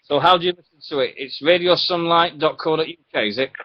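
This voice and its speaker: Chatty radio host. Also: male voice, fairly high pitch, quick pace. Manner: chatty, rambling, laughs often, animated storytelling. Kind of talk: casual radio chat. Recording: dull lo-fi internet radio audio.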